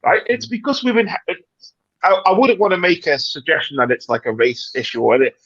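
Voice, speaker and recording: Animated British man on a muffled stream. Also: fairly high pitch, fairly quick, dry recording. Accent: British English. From Britain. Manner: animated, dramatic and rambling, with many restarts. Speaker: livestream panelist. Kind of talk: casual chat.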